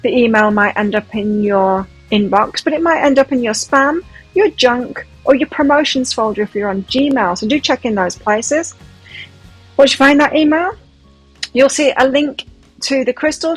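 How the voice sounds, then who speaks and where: Breathy, gushing woman reading tarot. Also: a little high, rough recording. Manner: gushing, emotive and chatty. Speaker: tarot card reader. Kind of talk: pick-a-card tarot reading. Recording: faint music behind. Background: soft background music.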